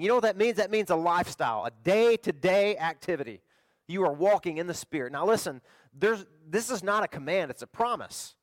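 A middle-aged pastor preaching in a folksy, animated style, climbing to loud emphasis and then dropping low. His voice sits a little higher than most men's, and the sound is close and dry. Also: no echo. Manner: animated, swings between loud emphasis and quiet storytelling. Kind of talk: sermon.

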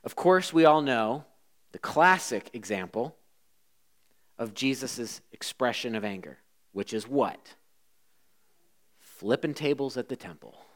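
A man preaching a sermon as a pastor, swinging between loud emphasis and hushed asides. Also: medium pitch, lively intonation, measured pace, long pauses.

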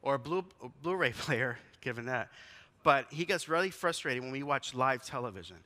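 A man's voice: medium pitch, animated, normal speed, sharp tone. A man in his forties, a pastor giving a conversational sermon in a church, telling stories and asking the congregation questions. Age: 40s.

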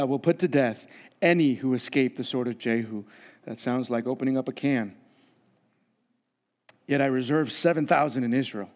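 A man's voice: mid-range voice, darkish tone. Guy preaching a sermon, chatty and funny, long echo from a big hall. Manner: conversational, acts out quoted voices with humor. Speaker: pastor. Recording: long reverb of a large hall.

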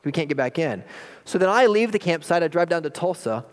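A middle-aged man preaching a sermon, his voice sitting a little high for a man. He reads scripture slowly and deliberately, then tells a family story in an animated, wry, self-deprecating way. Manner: slow, deliberate scripture reading. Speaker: pastor.

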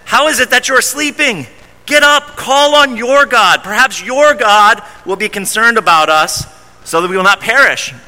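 A man voicing a panicked male ship captain in a storm, shouting urgent pleas. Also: extremely high pitch, lively intonation, normal speed, pitched above the performer's own voice, heavily acted. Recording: long reverb in a large hall.

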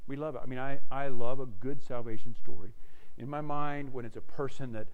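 A man's voice: mid-range voice, steady tone, a little fast, poor audio. A man preaching a sermon as pastor, in a conversational way that keeps checking in with "right?" and repeats words as he starts a thought.

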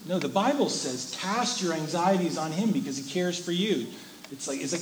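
A man preaching a sermon, swinging between loud emphasis and hushed, soft asides. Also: fairly high pitch, normal speed, slight background noise. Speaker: pastor.

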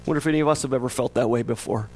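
A man preaching a sermon as pastor talks very fast in a slightly mellow mid-range voice, with slight background noise. He keeps it conversational, often questioning his listeners, and acts out the psalmist's words with mounting intensity.

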